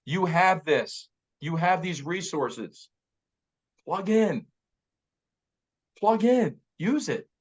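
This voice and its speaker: A man's voice: on the high side, fairly bright tone. A man in his fifties giving an emphatic motivational talk as a real estate director, repeating key phrases. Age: 50s. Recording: slightly muffled audio.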